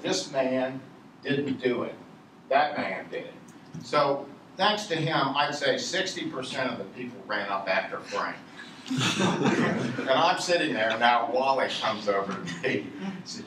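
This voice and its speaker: A man from Virginia telling a meandering, digressive story to a live audience and chuckling at his own tale. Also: mid-range voice. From Virginia, USA. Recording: echoey room, distant mic, noisy.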